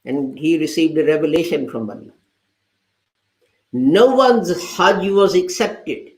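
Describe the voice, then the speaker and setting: A man's voice: fairly high pitch, animated, a little slow, a little mellow. A man giving a Friday sermon who retells a parable and quotes its people as he goes. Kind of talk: sermon with storytelling. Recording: roomy, echoey sound.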